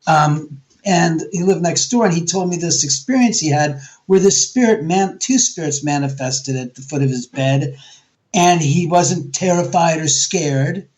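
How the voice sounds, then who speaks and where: A man with a New York accent, a guest on a radio interview, telling a story in a lively, animated way and acting out other people's voices. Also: on the high side, a little slow. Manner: animated, acts out quoted voices. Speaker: guest, homeowner and author.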